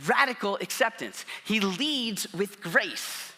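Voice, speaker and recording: A man's voice: high-pitched, animated, slow, sharp tone. A man preaching a sermon in a casual, conversational way, often acting out quotes. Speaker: pastor.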